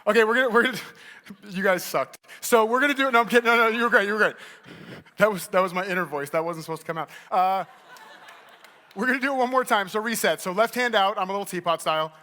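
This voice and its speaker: A man's voice: high voice, quick pace. A man giving a playful, joking keynote talk to a live audience in a large hall. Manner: joking, teasing and energetic. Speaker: keynote speaker. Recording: hall reverb.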